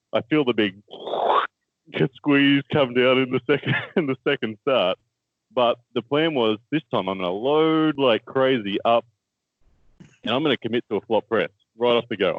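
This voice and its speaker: A man's voice: mid-range voice, dry recording, phone-quality sound. A man with an Australian accent, co-hosting a casual chat and telling a story, laughing often and repeating words as he goes. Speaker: co-host, armwrestler.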